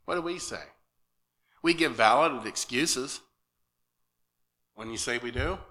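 Male lay preacher, nervous and earnest, bright tense tone, halting delivery with frequent check-ins. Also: medium pitch. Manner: earnest and halting, often asks "okay?". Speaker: lay speaker at church. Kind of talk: sermon. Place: church sanctuary.

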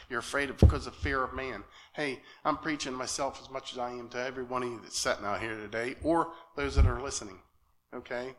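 A nervous man speaking as a lay preacher at a church, earnest and halting, often checking in with "okay?". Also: mid-range voice, steady tone. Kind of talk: sermon. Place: church sanctuary.

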